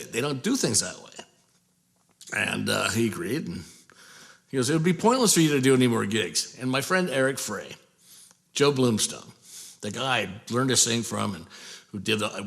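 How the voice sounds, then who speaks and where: A man from Portland, Oregon, spins a long, rambling story about his days in a metal band. His voice has a gravelly edge and sits at an ordinary middle pitch. He jumps into the voices of the people in his tale as he goes. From Portland, Oregon, USA. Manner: rambling, animated, acts out quoted dialogue. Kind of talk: casual storytelling.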